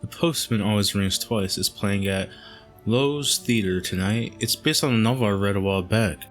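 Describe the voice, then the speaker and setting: A man hosting a game playthrough, reading in-game letters aloud in a calm, measured way with the occasional aside. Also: fairly low pitch, soft background music. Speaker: gaming channel host.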